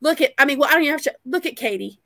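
A woman hosting a casual vlog, excitable and gushing, laughing often. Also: sits high, racing, vocal fry, dry recording. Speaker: vlog host. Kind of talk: casual chat on a live vlog.

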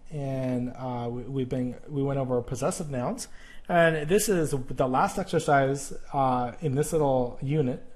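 A male teacher talks through a recorded grammar lesson in a warm, mellow voice. He speaks haltingly, restarting sentences and filling pauses with "um" and "uh" as he explains. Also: medium pitch. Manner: halting, with many fillers and restarts.

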